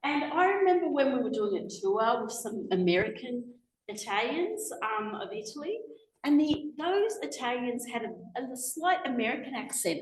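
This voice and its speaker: A middle-aged woman giving a passionate, emphatic public talk as a guest speaker in a meeting hall. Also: a little high. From Australia. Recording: echoey hall recording.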